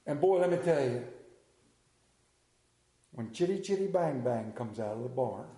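With a medium pitch, a slightly slow pace and long pauses, a middle-aged man with a rural Southern American accent preaches in a roomy-sounding space. His storytelling is folksy and animated, marked by sudden quiet drops.

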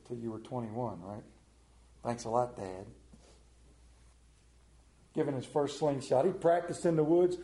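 A man preaching a sermon, telling stories in a folksy way and dropping to a hush for quoted lines. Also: mid-range voice, roomy sound. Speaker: pastor. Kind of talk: storytelling sermon.

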